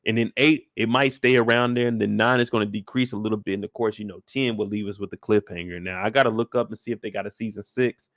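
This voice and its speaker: A man's voice: on the low side, steady tone, quick pace, few pauses, fairly bright tone, dry recording, clean studio sound. A man hosting a casual live recap of a TV episode, talking in a laid-back, slangy way with joking asides. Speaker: show recap host.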